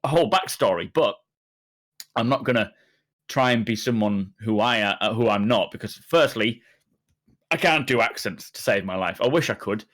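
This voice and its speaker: A man's voice: fairly low pitch, animated, moderate pace, fairly bright tone. A man co-hosting a podcast, telling stories in a rambling, self-deprecating way during casual chat.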